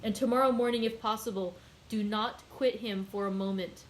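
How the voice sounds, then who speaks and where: An earnest young clerk speaks with quiet firmness, promising to stand guard nearby. A woman reading aloud lowers her voice slightly for him. His tone stays steady and protective. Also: moderate pace, a little hiss or hum, lightly acted, poor audio. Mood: urgent.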